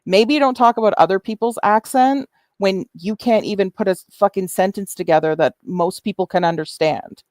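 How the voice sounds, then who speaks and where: A woman's voice: medium pitch, fairly quick, few pauses, darkish tone, dry recording. Combative woman, dry close sound. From Canada. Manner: combative, profane, sarcastic. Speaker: YouTube commentary host. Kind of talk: reaction commentary livestream.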